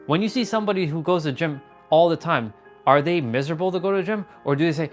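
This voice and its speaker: A man hosting a fitness livestream, talking in a casual, animated, rambling way and swearing freely. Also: fairly high pitch, fast, faint music behind. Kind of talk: casual motivational livestream talk.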